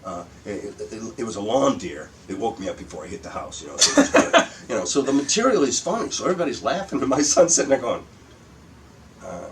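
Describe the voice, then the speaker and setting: An older comedian from Michigan, telling profane anecdotes in a casual interview and acting out quotes. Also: male voice, mid-range voice, big pitch swings, quick pace, fairly bright tone, distant mic, a little hiss or hum, poor audio. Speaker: guest comedian. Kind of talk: casual storytelling chat.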